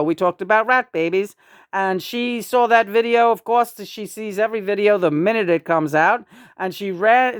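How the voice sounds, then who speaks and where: A woman in her sixties rambles through a casual vlog chat, swearing freely and chuckling between thoughts. Her voice sits at an ordinary middle pitch. The recording is dry and close, with no room sound. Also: smooth, no echo. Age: 60s. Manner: rambling and profane, with frequent chuckles. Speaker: vlogger.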